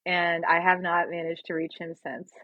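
A woman in her thirties, a singer and actress, telling animated stories as a guest in a casual interview. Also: lowish voice, moderate pace, no echo, highs cut off. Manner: animated, laughing storyteller.

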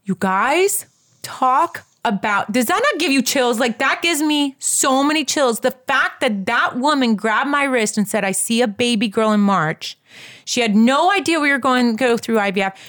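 A woman telling a personal story in a casual, animated way, talking straight to her listeners and skipping details with quick filler. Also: high-pitched. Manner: animated, addresses listeners as "you guys"; fills gaps with "da, da, da".

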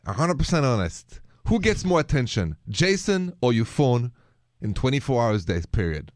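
A playful man co-hosts a radio talk show, laughing easily and steering the questions. His voice sits at an ordinary middle pitch, recorded close and dry in a studio. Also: big pitch swings, moderate pace, no room sound.

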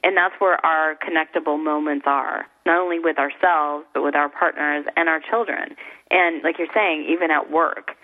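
A woman's voice: sits low, moderate pace. Enthusiastic woman on a tinny line. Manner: enthusiastic, animated, spiritual self-help phrasing. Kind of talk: casual conversation. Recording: phone-like narrow sound.

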